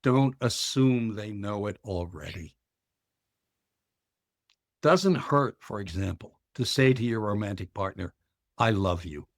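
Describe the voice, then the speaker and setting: Older guy professor on a podcast, measured and earnest, super dry sound. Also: lowish voice, lively intonation, no echo. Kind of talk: podcast interview.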